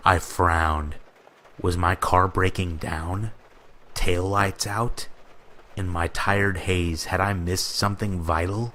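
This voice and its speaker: A man with a very deep, low voice reads scary stories in an even, steady narration. Soft rain falls faintly behind him. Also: slow, a little hiss or hum. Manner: steady storytelling read. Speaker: horror story narrator. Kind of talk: scripted horror narration. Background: rain ambience.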